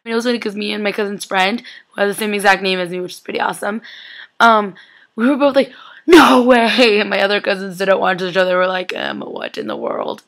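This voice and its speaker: A young woman recapping a TV episode in a chatty, excitable way, full of "like" and acted-out quotes. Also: mid-range voice, fast. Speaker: vlogger.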